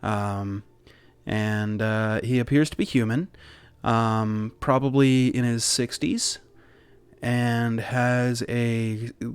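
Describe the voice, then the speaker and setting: A man's voice: mid-range voice, steady tone, slow pace, clean tone, no room sound. A man narrating as game master in a casual, rambling way, with many fillers.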